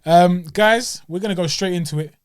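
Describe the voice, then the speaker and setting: A man from England hosting a podcast in casual chat, mocking and swinging between loud and soft. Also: sits high, moderate pace, smooth, dry recording, studio quality. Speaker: podcast host.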